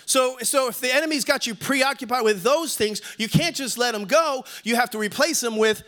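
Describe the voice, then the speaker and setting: A man's voice: very high voice, moderate pace, bright, forceful tone. A man in his fifties preaching a sermon as a pastor, emphatic, repeating key lines and calling on the congregation to respond. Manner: repeats key lines for stress, some restarts.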